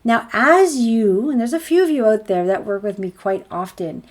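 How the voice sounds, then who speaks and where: A woman's voice: a little high, darkish tone. A woman speaking as a spiritual healer on a group healing call, earnest and encouraging, often piling up rhetorical questions.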